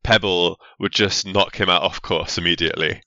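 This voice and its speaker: A man's voice: low-pitched, steady tone, normal speed, creaky, sharp tone, dry recording, muffled recording. A man co-hosting a podcast, chatting casually and sardonically about a film and swearing freely. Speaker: podcast co-host. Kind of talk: casual film-review chat.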